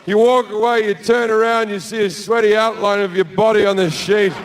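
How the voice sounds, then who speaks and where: A man's voice: sits high, steady tone, a little fast, some chatter behind, slight background noise. A middle-aged man doing stand-up comedy, telling a crude story bluntly with lots of swearing, on a club stage with a handheld mic. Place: comedy club stage before a live audience.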